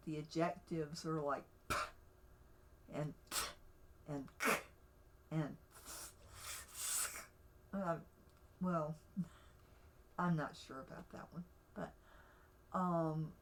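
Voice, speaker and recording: Slow, hesitant woman hosting a livestream. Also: on the low side, a little hiss or hum, low-quality recording. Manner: hesitant, many fillers and restarts. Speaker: livestream host teaching language creation. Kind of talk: casual livestream tutorial.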